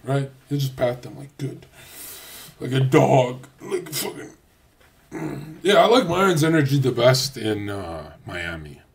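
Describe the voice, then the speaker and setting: A man's voice: medium pitch, expressive, unhurried, creaky. A man livestreaming a casual rant, crude and boastful, swearing often and rambling loosely with restarts. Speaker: streamer.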